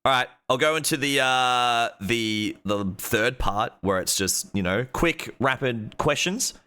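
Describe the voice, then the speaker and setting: A man hosting a casual streamer interview, talking in a halting way with many restarts. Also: mid-range voice, expressive, sharp tone, clear, resonant tone.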